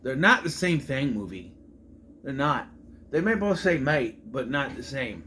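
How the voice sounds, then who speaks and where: A man's voice: medium pitch, big pitch swings, measured pace, pushed and bright, slight background noise. A man giving a casual, opinionated movie review, ranting with sarcastic and exasperated asides.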